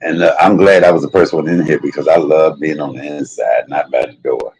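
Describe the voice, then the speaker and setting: A man's voice: very deep voice, steady tone, fairly quick, darkish tone, slightly rough, poor audio. A man hosting a casual livestream from a hospital room, joking and loose with some profanity. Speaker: livestream host.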